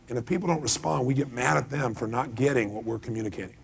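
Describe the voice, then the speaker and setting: A man giving a motivational seminar talk, animated, acting out quoted dialogue and asking the audience questions. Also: mid-range voice, fast talker, gravelly, hardly any pauses, a little hiss or hum. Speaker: motivational speaker.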